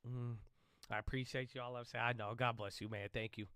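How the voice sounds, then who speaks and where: A man's voice: medium pitch, level tone, fairly quick, clear, resonant tone, no room sound. A man hosting a live trading stream, giving loose, chatty market commentary and calling listeners bro. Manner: says he tends to sound loud and yelling.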